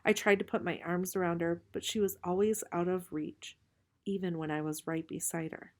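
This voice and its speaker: A woman reading a novel aloud in a calm, measured way, slowing for suspense. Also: fairly low pitch. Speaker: reader.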